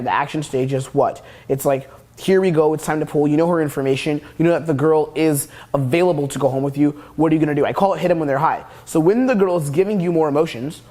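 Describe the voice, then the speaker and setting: A young man giving a recorded coaching lecture, brash and profane, talking in rapid bursts. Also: a little high, a little mellow. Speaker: dating coach. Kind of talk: instructional course lecture.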